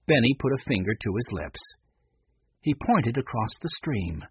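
A man reads a children's story aloud with a husky voice. His pitch rises and falls widely as he tells it. The recording is dry and slightly dull. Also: normal speed, no echo. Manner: lively expressive reading. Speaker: narrator. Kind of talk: storybook reading.

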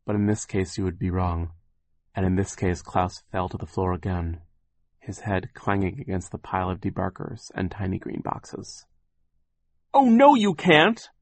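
A man narrating an audiobook in a dry, wry storytelling manner, pausing to explain words. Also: low-pitched, little pitch movement, darkish tone, no room sound.

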